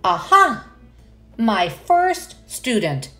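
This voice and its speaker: A woman's voice: a little high, big pitch swings, drawn-out words, pushed and bright, soft background music, pitched above the performer's own voice, exaggerated voice. A woman voicing a chirpy little bird teacher. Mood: cheerful. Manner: sing-song and exclamatory.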